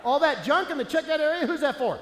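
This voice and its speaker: A man giving a comedic stage seminar as a speaker, animated, punchy and playful. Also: extremely high pitch, fast talker, background noise. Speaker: motivational speaker. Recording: echoey hall, faint ambience.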